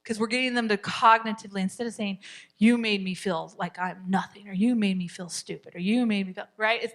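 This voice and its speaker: A middle-aged woman teaching a parenting class to a live group, chatty and lively, often laughing and acting out what parents and kids say. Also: mid-range voice. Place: church meeting room.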